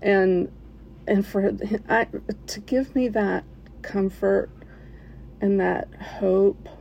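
A woman sharing an emotional personal story, halting at times, with fillers, restarts and soft laughs. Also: mid-range voice, creaky, lo-fi sound, slight background noise.

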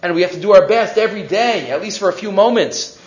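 A man giving a Torah class as a rabbi, an animated storyteller who weaves Hebrew quotes into his English. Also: sits high, fast talker. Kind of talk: weekly Torah portion lecture. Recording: roomy, dull lo-fi recording.

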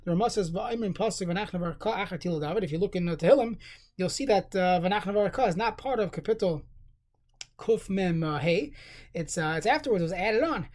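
A man's voice: high-pitched, brisk. Man teaching a halacha text. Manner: reads Hebrew text then explains in English; steady explanatory tone with fillers and restarts. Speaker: Torah teacher. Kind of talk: halacha study lesson.

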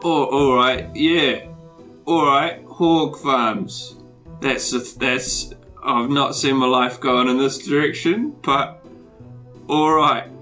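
A man's voice: mid-range voice, steady tone, slow pace, sharp tone, soft background music. A man voicing a clumsy, friendly drunk giant in a tabletop game. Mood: grateful.

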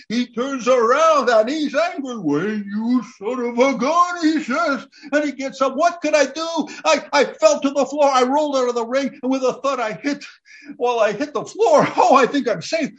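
A man telling a lively personal anecdote, building up to excited shouting at its peak. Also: very high-pitched, normal speed, dull audio. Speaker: storyteller.

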